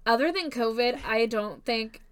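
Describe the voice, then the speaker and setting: A young woman co-hosting a podcast in casual chat, self-deprecating and halting, often trailing off and starting over. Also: fairly high pitch, a bit bright, clean tone. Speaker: podcast co-host.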